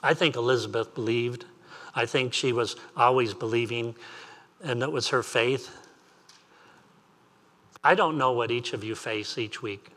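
A man's voice: mid-range voice, a little slow, pauses often, a bit bright. A man preaching an earnest sermon as pastor, repeating phrases and asking rising questions.

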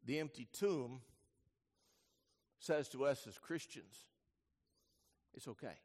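A male pastor preaching a sermon, telling the story vividly, dropping to hushed lines and rising to loud bursts. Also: mid-range voice, slow pace. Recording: long reverb of a large hall.

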